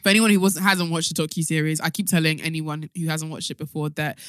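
Young female host, lively casual chatter, dry close mic. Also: deep voice, no echo. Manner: animated, laughs often, quick bursts. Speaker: podcast host. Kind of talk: casual chat.

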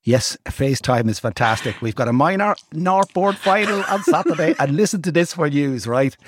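An older Irish man in a casual podcast chat, telling animated travel stories with bursts of laughter. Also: a little high, normal speed, background noise. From Ireland. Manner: animated, laughing storyteller with broad enthusiasm. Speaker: podcast guest recounting travels.

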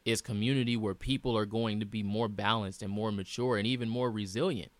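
A man's voice: on the low side, steady tone, fairly quick, dry recording. A man speaking as host in a reflective personal monologue, earnest and repeating phrases for emphasis.

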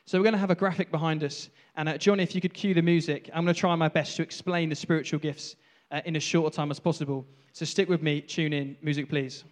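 A man's voice: on the high side, steady tone, fast. A man preaching a sermon in a church, jokey and self-deprecating. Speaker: pastor. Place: church hall. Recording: echoey hall from far off.

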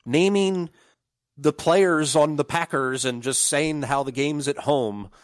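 A man's voice: fairly high pitch, takes it slowly, no echo, studio quality. A young man co-hosting a casual sports podcast, talking in a rambling, profane way with lots of filler words. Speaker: podcast co-host.

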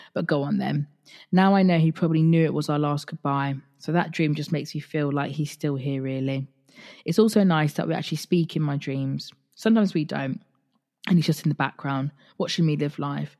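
Chatty woman podcaster. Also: sits low. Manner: chatty, laughing, animated retelling. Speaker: podcast host. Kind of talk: casual podcast chat reading listener stories.

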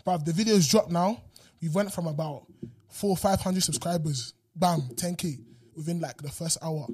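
A man's voice: fairly high pitch, darkish tone, breathy edge. A young man, chatting casually as a podcast guest in a slangy, easygoing way. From London. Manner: slangy, quick, laughs easily. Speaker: podcast guest, content creator. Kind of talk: casual chat.

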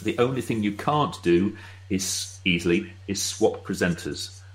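A middle-aged British man speaking as a guest expert, explaining with brisk, wry asides. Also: fairly low pitch, poor audio. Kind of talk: casual explanatory chat.

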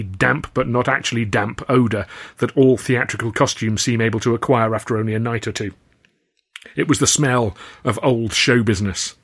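A man narrates his own novel in a measured, wry way. His voice is husky and sits at an ordinary middle pitch, and he unhurriedly sets out each scene. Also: fairly bright tone. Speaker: author and reader. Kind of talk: reading a novel aloud.

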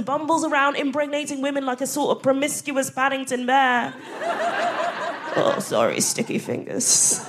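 A woman's voice: high-pitched, animated, moderate pace, crowd noise. A young woman with a posh London accent doing stand-up comedy on a live theatre stage, with a punchy, cheeky delivery. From England and Ghana.

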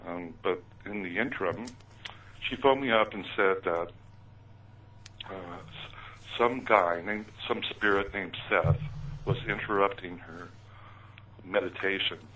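A man's voice: sits low, bright, forceful tone, far from the mic, a little hiss or hum, rough recording. A man telling his story in an interview, talking hesitantly with many ums and uhs. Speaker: author recounting his experiences.

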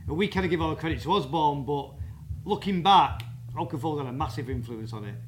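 A man's voice: fairly high pitch, a little hiss or hum. Rambling man telling stories. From England. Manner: rambling, halting anecdotes with many restarts. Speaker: interview guest, band drummer. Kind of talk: casual storytelling interview.

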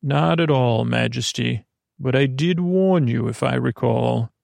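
Brief: smug sorcerer man, pompous and sly, fry in the voice, dry booth. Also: mid-range voice, a little slow, darkish tone, no room sound. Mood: oily. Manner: oily, mock-deferential, pompous. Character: smug scheming court sorcerer. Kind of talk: audio drama acting.

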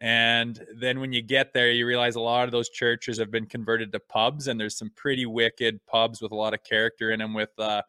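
Laid-back swearing ex-athlete storyteller. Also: male voice, mid-range voice, flat delivery, normal speed, hardly any pauses, bright, forceful tone, clear, resonant tone, no room sound. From Canada. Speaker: podcast guest, former pro hockey player and firefighter. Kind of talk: casual chat.

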